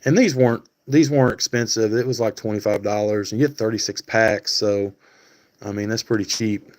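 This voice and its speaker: A man's voice: lowish voice, steady tone, a little fast, darkish tone. A man hosting a casual live stream, talking to viewers by name and thinking aloud with many fillers. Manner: talks back to chat viewers by name.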